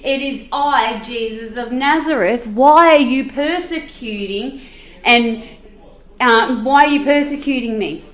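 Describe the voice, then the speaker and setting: A woman's voice: on the high side, measured pace, reverberant, lightly acted, low-quality recording. A woman voicing Jesus as a solemn man who calls out and repeats his questions. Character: Jesus speaking to a fallen persecutor, a man.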